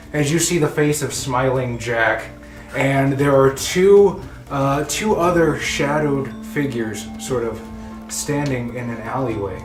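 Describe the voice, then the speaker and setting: A man's voice: mid-range voice, expressive, slow pace, reverberant, music in the background. A man running a tabletop game as game master, narrating loosely with frequent laughs. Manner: loose, laughing, voices characters in bursts.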